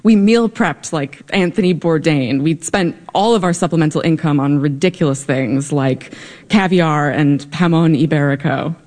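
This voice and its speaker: Young woman, lower voice, performs a funny personal story live. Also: moderate pace. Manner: wry, lively, comic timing.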